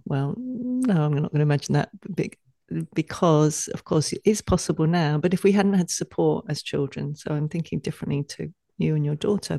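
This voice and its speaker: Woman on a podcast, bit of fry in her voice, dry close sound, animated, laughs a lot. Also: deep voice, no room sound. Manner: animated, laughs while acting out inner voices. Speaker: podcast guest, mentor. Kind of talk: casual podcast conversation.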